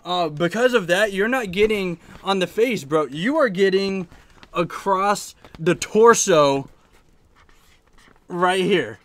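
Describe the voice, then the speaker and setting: A man hosting a live stream from his room, telling a long story in a rambling, animated way and laughing often. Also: high-pitched, slow pace. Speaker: arcade channel host.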